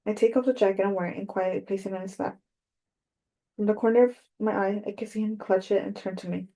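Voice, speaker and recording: Mellow woman narrating an audiobook. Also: mid-range voice, fairly even intonation, fast, vocal fry. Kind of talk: first-person audiobook narration.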